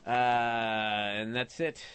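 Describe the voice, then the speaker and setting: A man's voice: medium pitch, level tone, very slow, heavy background noise. A man co-hosting a comedy talk show, teasing his partner with sarcastic, profane jokes. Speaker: comedian co-host. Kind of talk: casual comedy chat.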